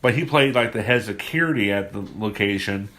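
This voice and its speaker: A man's voice: lowish voice, brisk, sharp tone. A man hosting a casual movie podcast, rambling with many fillers and restarts, recorded at someone's home. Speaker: podcast host. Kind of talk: casual movie review chat. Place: guests' home, remote location.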